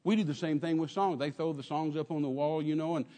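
A man preaching a sermon in an animated way, acting out quotes and dropping at times to a soft murmur. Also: on the high side, fast talker, in a large hall. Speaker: pastor.

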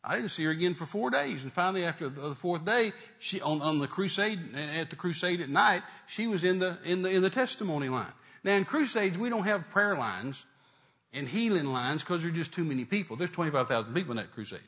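A man preaching a sermon in an emphatic, repetitive style that builds to loud declarations. His voice sits a little high for a man. He drives his points home by repeating them. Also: lively intonation, fairly quick.

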